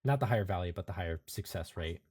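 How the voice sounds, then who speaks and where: Man, game master, low voice, lively pitch, relaxed descriptive narration. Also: quick pace, husky.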